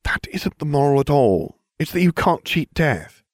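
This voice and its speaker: A man's voice: a little high, very animated, moderate pace, no echo, clean studio sound, pitched above the performer's own voice. A man voicing a prim, bossy teenage schoolgirl who lectures in an exasperated tone, in an audiobook reading. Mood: lecturing.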